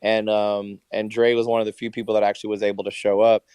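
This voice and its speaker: A man's voice: fairly low pitch, flat delivery, quick pace, darkish tone, smooth, no room sound. A tired man in casual chat on a live audio space, talking in a laid-back, rambling way with many restarts. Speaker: Twitter Spaces speaker.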